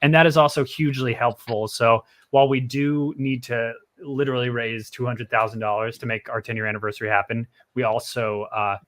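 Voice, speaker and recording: Bright-voiced man cohosting a livestream. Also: medium pitch, steady tone, brisk, few pauses. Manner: wry, chatty, joking. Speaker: co-host. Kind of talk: casual livestream chat.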